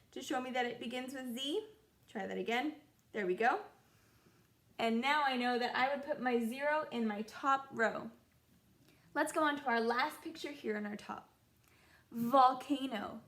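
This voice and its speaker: A young woman teaching a children's phonics lesson, sounding out letters in a slow, encouraging sing-song way. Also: high-pitched, fairly bright tone. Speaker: kindergarten teacher.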